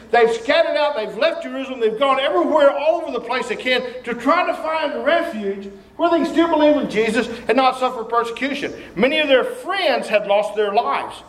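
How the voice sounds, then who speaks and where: A man preaching a sermon as a visiting preacher, emphatic and breaking into shouts. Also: very high voice. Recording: echoey room.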